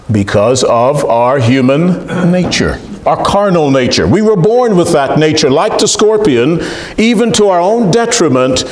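Animated preacher in an echoing church. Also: male voice, a little high, a little hiss or hum. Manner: animated storyteller, asks the congregation questions. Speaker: pastor. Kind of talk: sermon.

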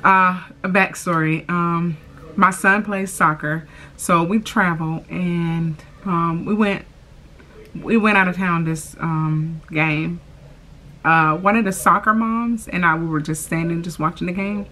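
A woman's voice: on the low side, fairly even intonation, a little slow, bright, forceful tone, slight background noise. A young woman chatting casually to camera, drawling "y'all" and filling her talk with "like" and "oh my gosh". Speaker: vlogger.

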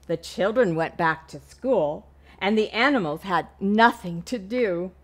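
A woman librarian leading a children's storytime, reading a picture book at an unhurried pace. Her pitch swings widely with lots of feeling. She points out words and pictures to young listeners. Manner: expressive, slow and deliberate, points out words to children.

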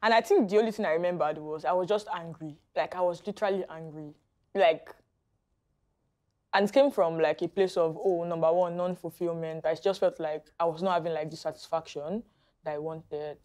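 A woman with a somewhat low voice speaks frankly and with some energy about a rough year. She sounds candid and direct. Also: fairly even intonation, brisk, dark tone. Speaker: interviewee. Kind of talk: personal testimony.

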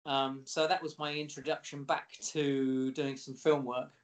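A middle-aged man, an actor guest in a casual interview, telling animated, lively anecdotes. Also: mid-range voice, a little slow.

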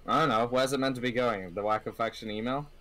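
A man's voice: mid-range voice, fairly bright tone, no room sound. Flustered, laughing man doing an intro. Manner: flustered, laughing, quick mock insults. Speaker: co-host. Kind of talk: joking banter among friends.

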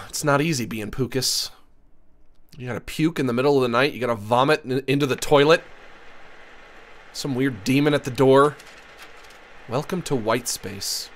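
A man's voice: mid-range voice, normal speed, pauses often. A man streaming a game, reading its text aloud and joking between laughs. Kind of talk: casual let's-play commentary.

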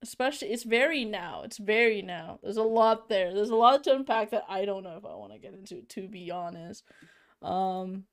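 A woman's voice: medium pitch, moderate pace. A young woman playing a narrative game, reading its text aloud and reacting with shocked exclamations and casual fillers. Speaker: let's play streamer.

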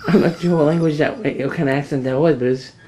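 A man's voice: fairly high pitch, fairly even intonation, dark tone. A young man chatting with a friend at home, eager and wisecracking. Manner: eager, wisecracking, quick reactions. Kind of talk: casual chat. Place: home living room.

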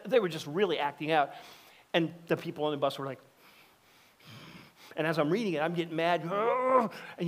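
A middle-aged man preaching a sermon as a pastor, talking conversationally and acting out the voices of people in his stories. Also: fairly high pitch. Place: church sanctuary.

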